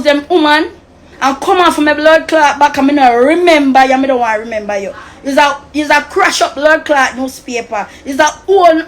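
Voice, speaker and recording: A woman from Costa Rica with a Jamaican Patois accent, ranting heatedly and profanely on a live stream. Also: high voice. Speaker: social media personality.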